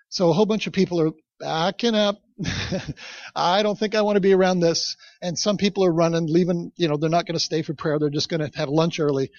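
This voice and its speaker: This man speaks at a fairly high pitch, a pastor telling stories in his sermon and chatting casually with the congregation along the way. His recording is dull and dry, close-miked with no room sound.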